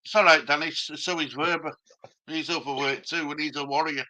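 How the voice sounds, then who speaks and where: A man's voice: fairly high pitch, steady tone, brisk, bright, forceful tone. A man on a football fan livestream, making rambling jokes and asides in casual chat. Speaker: fan panelist.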